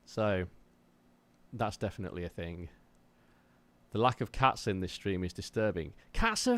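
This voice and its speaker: A man from Wolverhampton with a faint West Midlands accent, chatting casually with viewers on a livestream from his home drum room in a jokey, self-deprecating way. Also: fairly low pitch. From Wolverhampton, England. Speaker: drummer streaming his practice.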